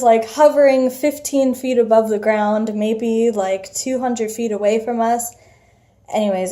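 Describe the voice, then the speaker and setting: A young woman vlogger telling a personal story casually, animated, full of fillers and swearing. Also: a little high.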